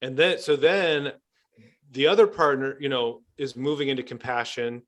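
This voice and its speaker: A man who works as a couples therapist, explaining his approach in a podcast interview in a measured way, with fillers and restarts. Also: medium pitch.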